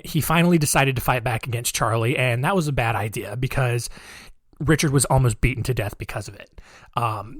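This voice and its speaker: A man hosts a podcast and tells a true-crime story in a loose, conversational way, full of "um" and "you know." His voice sits at an average pitch, and he drops in wry sarcastic asides. The recording is dry and close. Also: no room sound. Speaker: podcast host.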